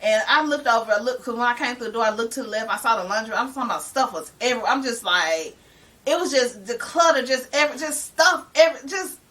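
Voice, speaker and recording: A woman's voice: on the high side, quick pace, fairly bright tone, far from the mic. A middle-aged woman, telling an exasperated story on a casual podcast, full of laughing asides. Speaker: podcast co-host.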